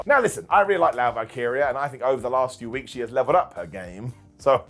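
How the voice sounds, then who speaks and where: A man hosting a casual recap, animated and jokey with sarcastic asides. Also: medium pitch, fast, faint music behind. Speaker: wrestling show reviewer and host.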